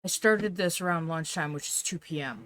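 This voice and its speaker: A woman's voice: on the low side, moderate pace. A woman chatting casually and rambling through side remarks while live-streaming a game from home. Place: at home with a dog. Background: game music with cello and violin.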